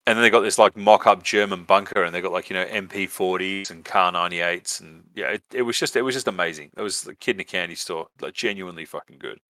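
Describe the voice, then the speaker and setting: A man's voice: low voice, quick pace, hardly any pauses, bright, forceful tone, no room sound. An Australian man hosting a podcast, telling a rambling story casually, with lots of fillers and swearing. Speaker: podcast host.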